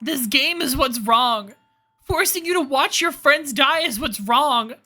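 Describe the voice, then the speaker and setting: A woman reading the lines of a desperate young man who shouts and pleads with a dying friend. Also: sits high, animated, measured pace, pitched above the performer's own voice, exaggerated voice. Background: faint lo-fi background music.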